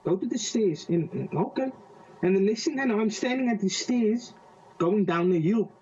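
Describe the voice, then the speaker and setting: A man giving a personal faith testimony in an interview. He recounts a vivid dream slowly and haltingly, often repeating words and restarting his sentences. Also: high-pitched, expressive, a little mellow. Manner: slow and vivid when describing a dream. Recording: slightly distant, dull lo-fi audio.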